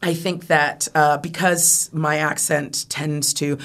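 American woman comic guest, lively chatty delivery, laughs often, restarts mid-thought. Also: low voice, takes it slowly. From United States. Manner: animated, laughing, trailing restarts. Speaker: comedian guest. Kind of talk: casual interview chat.

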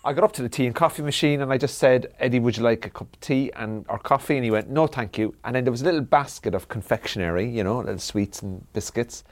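A comedian on a panel show telling a comic anecdote, acting out the quoted lines. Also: male voice, mid-range voice, fast, few pauses. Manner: building a story with acted-out quotes.

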